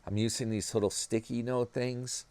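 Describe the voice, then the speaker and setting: A man's voice: mid-range voice, steady tone, moderate pace, a little mellow, smooth, no echo. A man with a New York accent chatting casually to his viewers, rambling from one thing to the next and calling them "guys" and "man". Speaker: YouTube commentary vlogger.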